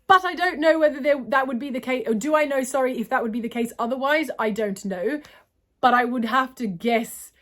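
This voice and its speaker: A woman's voice: high voice, brisk. A young adult woman from Australia answering viewer questions in a casual, long-winded way, often correcting herself. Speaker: vlogger and poet. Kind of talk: casual Q&A chat.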